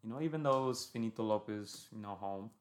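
A low-voiced man co-hosts a casual boxing podcast. He recounts a fight step by step, often checking in with "right?" and filling pauses with "um". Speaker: podcast co-host.

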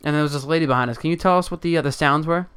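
Young man, podcast co-host, quick talker, profane, mock-angry, clear voice. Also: fairly high pitch, a bit bright. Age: young adult. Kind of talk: casual chat.

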